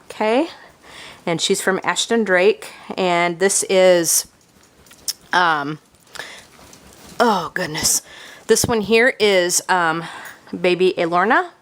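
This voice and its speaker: A woman's voice: lowish voice, slow pace, pauses often, a bit bright. Rambling woman touring her craft room. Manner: rambling, full of fillers and restarts. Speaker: vlogger giving a room tour. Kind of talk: casual chat. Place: indoors in a home craft room. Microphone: handheld camera.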